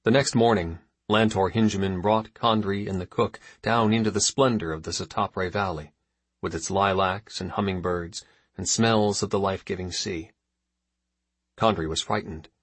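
A man narrates a novel at a steady, measured pace. His voice sits low and husky. The recording is dry and close. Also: no echo. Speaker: audiobook narrator. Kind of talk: scripted narration.

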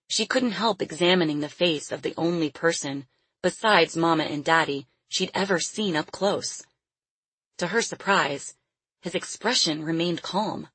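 Low, husky woman narrating a story. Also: fairly bright tone, dry recording. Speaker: audiobook narrator.

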